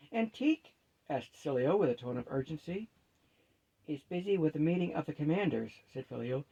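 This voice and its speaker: A man reading a fantasy novel aloud at a steady, unhurried pace, lightly shifting his pitch for each character. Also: vocal fry, breathy edge, dull audio. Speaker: storyteller.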